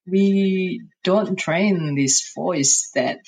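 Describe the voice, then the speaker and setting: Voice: mid-range voice, drawn-out words, a little mellow, husky, poor audio. An earnest, reflective speaker in a casual podcast conversation, often restarting sentences.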